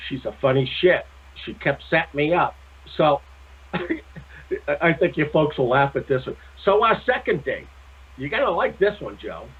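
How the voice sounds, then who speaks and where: A man with a husky, slightly high voice swings his pitch all over as he spins loose, laughing anecdotes. He talks casually and swears freely. The sound is thin and tinny, like a phone call. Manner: animated, laughing often, salty language. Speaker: guest.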